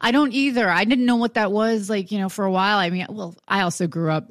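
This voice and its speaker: A chatty woman with a Buffalo accent bantering on a talk show. Her voice sits in an ordinary middle pitch. It is recorded close and dry, with no room sound. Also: quick pace, dry recording. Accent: Buffalo, New York. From Buffalo, New York. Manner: chatty, playful, acts out quoted exchanges. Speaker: radio show co-host. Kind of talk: casual on-air banter.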